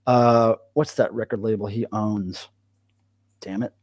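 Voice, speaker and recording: An American man hosting a casual livestream, rambling and animated as he chats with a co-host. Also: on the low side, a little slow, dry recording. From United States. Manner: rambling, animated, talks to his cat in a soft baby voice. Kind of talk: casual live-stream chat.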